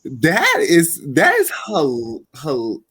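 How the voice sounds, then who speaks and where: A man's voice: fairly high pitch, huge pitch swings, drawn-out words, a bit bright, slightly rough. Easygoing male podcast interviewer. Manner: easygoing, lots of agreeing backchannels. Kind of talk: casual interview chat.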